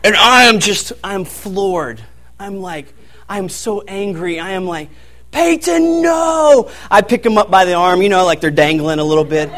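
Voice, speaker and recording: High-voiced animated preaching man. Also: moderate pace. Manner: animated, laughs through his story. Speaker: pastor. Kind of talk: storytelling sermon.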